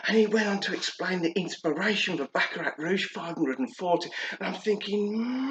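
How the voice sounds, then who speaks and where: British male reviewer, animated and chatty, expressive delivery, echoey room. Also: sits high, normal speed, slight background noise. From United Kingdom. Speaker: fragrance reviewer. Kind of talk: storytelling vlog. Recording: roomy echo.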